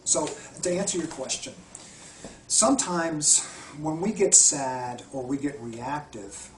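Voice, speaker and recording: Speaking slowly in a slightly high voice, a male spiritual healer and retreat guide recounts stories in an interview with sincere feeling, repeatedly restarting what he says. There's slight background noise, and the echoey room leaves him sounding far from the microphone.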